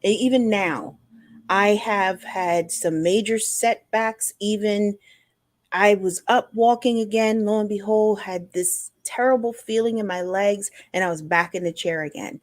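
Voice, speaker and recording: A woman's voice: medium pitch, unhurried, no echo. Earnest woman telling her story in a dry recording. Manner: earnest, acts out remembered dialogue. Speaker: guest, motivational speaker. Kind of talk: personal storytelling in a podcast interview.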